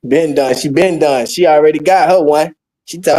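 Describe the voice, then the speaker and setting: A man telling a story in casual chat, animated, acting out the voices of the people in it and laughing often. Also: fairly high pitch, normal speed, poor audio. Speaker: podcast host.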